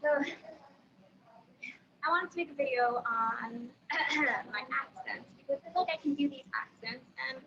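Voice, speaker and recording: A woman's voice: high-pitched, measured pace, pauses often, sharp tone, dull audio. A young woman, a student, chatting casually and a little self-consciously in a vlog for a class.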